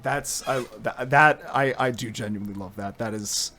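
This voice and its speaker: A man hosting a podcast in casual chat, animated and giggly, rambling between thoughts. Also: mid-range voice, moderate pace, slight background noise. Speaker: podcast host.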